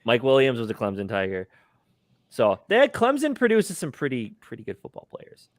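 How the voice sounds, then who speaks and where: A man co-hosting a casual sports podcast who chips in with teasing, rapid-fire asides. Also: mid-range voice, huge pitch swings, dry recording.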